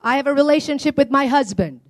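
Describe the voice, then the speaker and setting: A married woman preaching a sermon to a congregation, calling for amens, swinging between loud declarations and quiet asides. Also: high-pitched, fast talker. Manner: call-and-response preaching, asking for amens.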